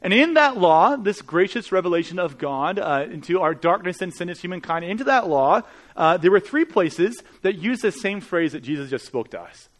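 A man's voice: high-pitched, very animated, moderate pace. A man preaching a sermon in an earnest, conversational way, with rhetorical questions to the congregation. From Canada. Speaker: pastor.

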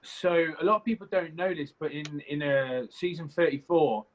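A man's voice: on the high side, normal speed. Candid young man on muffled audio. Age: young adult. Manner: rambling, candid, swears freely. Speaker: reality competition contestant, guest. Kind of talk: casual interview chat.

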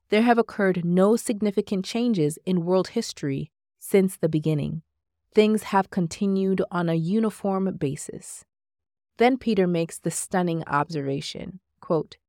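A woman reading a devotional book aloud in measured scripted narration, marking each quotation as she goes. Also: on the low side, a little mellow, no echo, studio quality.

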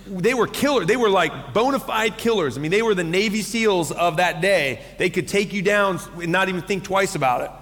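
A man preaching with a high, bright-sounding voice that carries through a large church hall with a long reverb tail. He tells stories animatedly, acting out quotes and laughing as he goes, in a warm pulpit sermon style. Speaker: pastor.

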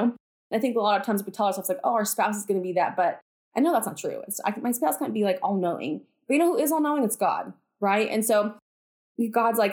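A podcast host chats about faith with her listeners in a fairly high, darkish voice, speaking quickly with lively intonation. She sounds earnest, leaning on "like" and "you guys," and proclaims things with conviction.

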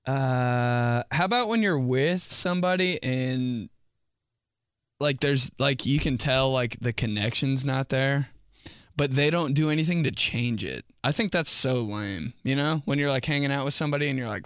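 A man's voice: medium pitch, moderate pace, a bit bright, smooth, no echo. A young man from Indiana, a podcast host riffing comedically on his own in a small studio and rambling with many fillers.

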